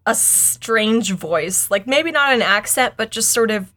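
Young woman, podcast co-host, bright voice, playful and chatty delivery. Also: a little high, lively intonation. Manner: chatty, playful, quick to laugh. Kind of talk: casual chat.

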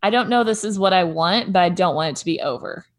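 A woman's voice: animated, fast talker. A woman co-hosting a podcast, chatting casually with many fillers. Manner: chatty, uses many fillers, drops low and soft at times. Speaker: podcast co-host. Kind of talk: casual recap chat.

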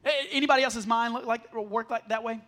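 A man's voice: very high voice, steady tone, a little fast, pushed and bright. A man pastor preaching a sermon to his congregation on a mic, conversational and joking with the crowd. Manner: conversational, self-deprecating humor with the congregation. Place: church sanctuary. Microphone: handheld or headset mic.

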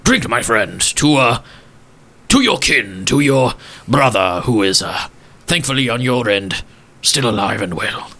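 A man voicing a weary, tearful old gentleman who speaks formally and haltingly, often sinking into a whisper. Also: medium pitch, expressive, full character voice. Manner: courtly and halting, drifting into whispers.

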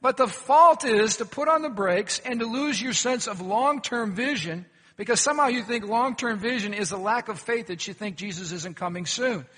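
Bright-voiced preacher man in a reverberant hall. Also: high voice, moderate pace, hardly any pauses, husky. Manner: questioning the congregation, folksy jokes. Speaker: pastor. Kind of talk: sermon with humorous stories. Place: church sanctuary.

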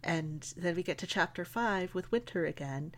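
Low-voiced woman co-hosting a giggly book chat. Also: animated, moderate pace. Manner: giggly, mocking character voices. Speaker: podcast co-host. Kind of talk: casual chat reviewing a book.

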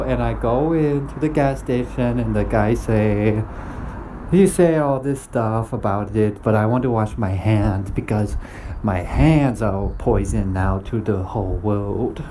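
A man's voice: on the low side, unhurried, dark tone, slight background noise. A man hosting a podcast, rambling through a comedic monologue with goofy laughs and playful sound effects while walking outdoors. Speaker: podcast host.

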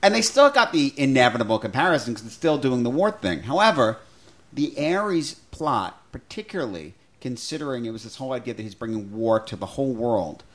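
A man's voice: mid-range voice, big pitch swings, brisk, fairly bright tone. A middle-aged man co-hosting a podcast, talking in an enthusiastic, rambling way with many restarts. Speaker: podcast co-host. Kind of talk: casual chat.

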